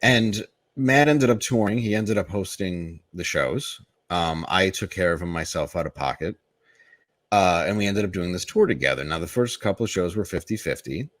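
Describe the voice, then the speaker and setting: A man's voice: low voice, lively intonation, normal speed, a bit bright, no echo. A man, a comedian guest on a podcast, telling a long candid story in a blunt, profane, rambling way.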